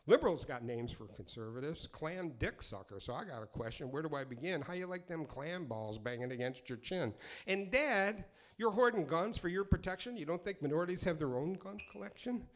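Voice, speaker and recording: A middle-aged man on a live stream, talking in a loose, halting way between numbers. When he performs, his slightly raised voice settles into a driving, rhyming spoken word beat, full of sardonic jabs and profanity. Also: on the high side, animated.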